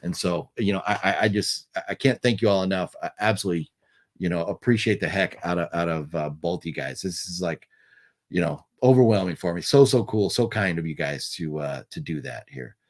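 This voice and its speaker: A young American man chats through a live stream in a loose, rambling way. He restarts his sentences and fills the gaps with "um" and "like." His speaking voice sits slightly low for a man. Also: fairly quick. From United States. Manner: rambling, many fillers and restarts, friendly. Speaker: livestream host. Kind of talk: casual live chat reading super chats.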